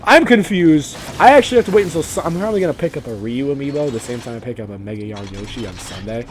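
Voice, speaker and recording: A young man from Vermont rambling and swearing through a casual game commentary, self-deprecating and quick to laugh. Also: mid-range voice, darkish tone, slight background noise. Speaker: let's play commentator.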